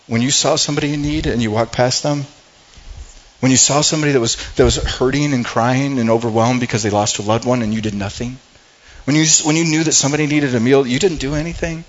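A man preaching a sermon at a middle pitch, talking to his church in a loose, conversational way. He often repeats and restarts his words as he goes. The recording sounds slightly dull and lo-fi. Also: fairly even intonation, fast. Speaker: pastor.

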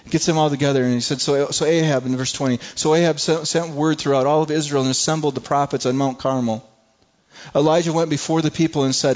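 A man's voice: a little high, fairly even intonation, fast, a little mellow, dull audio. A man preaching a sermon, reading scripture aloud and asking the listeners rhetorical questions, often repeating and restarting words.

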